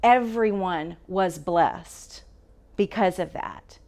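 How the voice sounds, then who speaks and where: A woman's voice: fairly low pitch, slow, a little mellow. Conversational woman teaching Bible study. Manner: conversational, asks the group questions, self-correcting.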